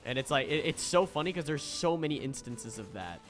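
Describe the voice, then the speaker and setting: A man's voice: a little high, animated, fairly quick, soft background music. A young man from Florida, chatting casually on a stream, swearing a lot and laughing often. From Florida, USA.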